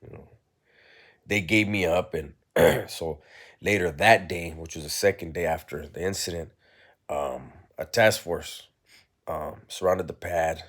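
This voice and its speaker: Man, very deep voice, candid and reflective personal storyteller, blunt and unpolished. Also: a little slow, a bit bright. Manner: blunt, reflective, peppers speech with "right?" and "you know".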